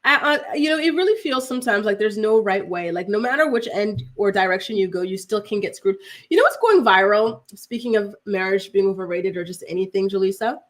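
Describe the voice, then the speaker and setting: A woman's voice: mid-range voice, expressive, a little fast. A woman hosting a live celebrity gossip show, chatting casually with many "like"s and reading out viewer comments. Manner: chatty, heavy use of "like", reads out viewer comments. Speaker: host of a celebrity news show.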